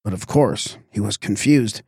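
A man's voice: lowish voice, a little slow, creaky, a little mellow, husky, dry recording. Man reading a story, dry sound. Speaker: audiobook reader. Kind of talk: scripted narration.

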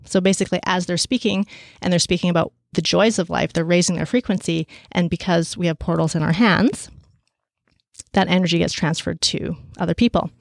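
A woman telling a story casually and with energy, with many fillers, and raising her pitch to act out the people she quotes. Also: creaky, no room sound, studio quality. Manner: animated, acts out quoted voices at a higher pitch.

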